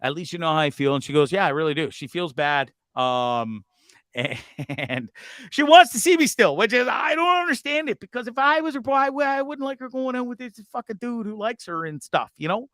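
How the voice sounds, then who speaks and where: Hosting a live talk show, a man with a high, animated, smooth voice delivers a casual monologue. His story is rambling and confessional, packed with swearing, and he sounds fidgety and nervous, swinging quickly between loud outbursts and mutters. There's no echo.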